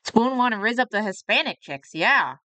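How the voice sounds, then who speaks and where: A woman's voice: a little high, lively intonation, normal speed, sharp tone, no echo. A woman with a light Texan accent chatting casually as a streamer over a video, with rambling asides. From Texas. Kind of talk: casual reaction commentary. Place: home streaming setup.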